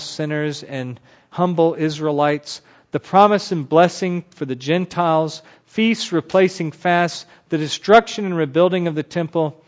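A man giving a Bible teaching lecture as an animated storyteller who asks rhetorical questions, on a dull lo-fi recording. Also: fairly high pitch.

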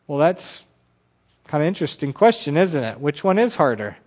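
A man giving a Bible teaching lecture as an animated storyteller who asks rhetorical questions, on a dull lo-fi recording. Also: fairly high pitch, moderate pace.

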